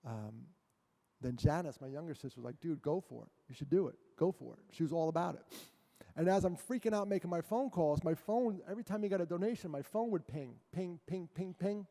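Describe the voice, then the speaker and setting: A man speaking as a guest at a church, telling his story in an animated, self-mocking way. His voice is a touch high and mellow. It rings with long reverb from the hall. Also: brisk, gravelly. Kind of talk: storytelling talk to a church audience.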